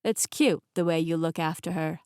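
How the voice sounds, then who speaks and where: A woman's voice: low voice, moderate pace, clean tone, no room sound, studio quality, pitched below the performer's own voice, natural voice. A woman voicing a tall, amused young man who banters playfully in an audiobook. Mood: teasing. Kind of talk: audiobook character voice.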